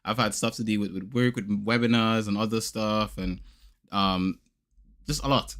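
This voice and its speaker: A man's voice: lowish voice, moderate pace. A man hosting a podcast, chatting casually and acting out voices as he tells stories about his day. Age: adult father of young boys. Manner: animated storyteller, acts out voices in anecdotes. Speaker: podcast host. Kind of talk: casual chat.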